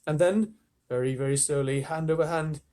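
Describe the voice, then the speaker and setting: A man reading a children's storybook aloud to live listeners, animated, with chatty asides. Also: a little high, moderate pace.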